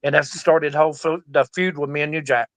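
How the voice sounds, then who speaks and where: A man's voice: on the high side, steady tone, brisk, fairly bright tone, dry recording. A middle-aged man, a veteran wrestler, telling stories in a casual interview, profane and rowdy, acting out the voices of the people he quotes. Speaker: guest, veteran pro wrestler.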